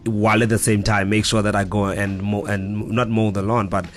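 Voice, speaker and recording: A middle-aged man speaks at a low pitch, a guest in a relaxed interview. He talks in a reflective, storytelling way, often restarting his sentences. Faint music plays behind him. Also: moderate pace. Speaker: author and guest. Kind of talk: casual interview chat.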